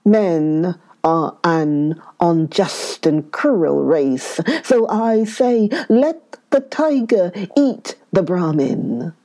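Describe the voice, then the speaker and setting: A woman's voice: lowish voice, lively intonation, extremely slow, few pauses, dark tone, heavily acted. A woman voicing an old camel who speaks with bitter resentment in a children's story. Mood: resentful. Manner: snorting, resentful.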